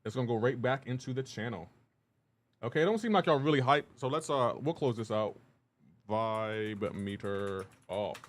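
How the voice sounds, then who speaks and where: A man's voice: mid-range voice, lively intonation, quick pace. A man streaming live, chatting casually, greeting viewers by name, laughing often. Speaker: streamer reading chat.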